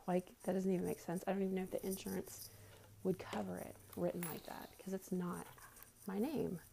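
A winded young woman chats to her viewers as she tidies her living room at home, rambling with fillers and sighs. Her voice is mellow and gravelly, with a little background hum. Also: medium pitch, flat delivery, fairly quick. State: out of breath. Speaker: vlogger. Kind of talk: casual chat while cleaning.

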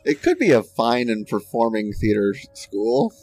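A man guesting on a podcast chats casually, his pitch moving a lot as he laughs through his points. The sound is dry, with faint music behind. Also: sing-song, moderate pace, a little mellow, breathy edge, no echo. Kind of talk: casual chat.

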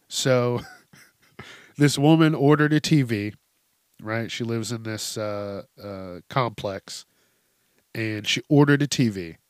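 A man's voice: mid-range voice, no room sound, studio quality. A man hosting a casual news-commentary show, telling stories in a rambling, profane, laid-back way. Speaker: podcast host.

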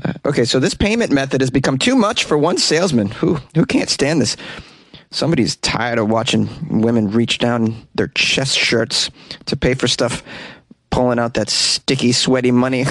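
A man's voice: medium pitch, no room sound. An American man hosting comedic news commentary in a joking, irreverent way, with chuckling asides. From United States. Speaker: comedy podcast host.

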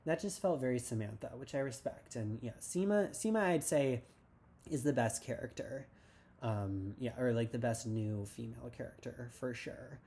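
A man's voice: mid-range voice, normal speed, creaky, dark tone, husky. A man hosting a casual TV recap podcast, rambling and sarcastic with lots of "like". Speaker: podcast host.

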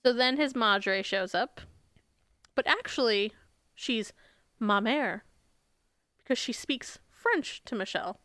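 A woman's voice: on the high side, slow pace, pauses often, pushed and bright, no echo, studio quality. A young woman co-hosting a casual podcast, retelling a book in a chatty way with lots of fillers. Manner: chatty, many fillers, laughs often. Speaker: podcast co-host.

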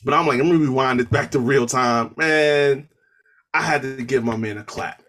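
A man co-hosting a podcast, talking wrestling in an excitable, slangy way with lots of laughter. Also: medium pitch, moderate pace, soft background music. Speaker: podcast co-host. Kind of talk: casual wrestling chat.

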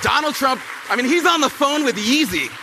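A man giving a punchy, fiery speech at a youth summit. He repeats lines for effect and mocks people with quick impressions. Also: very high voice, big pitch swings, background noise. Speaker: speaker at a youth political summit. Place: large hall at a summit, with an audience. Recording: big hall with long reverb and a faint crowd.

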